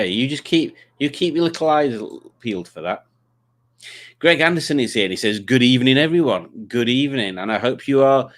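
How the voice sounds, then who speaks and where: A man hosting a live quiz stream, chatting casually and teasing, with many stumbling restarts. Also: fairly low pitch. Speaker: livestream host. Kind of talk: casual chat reading comments.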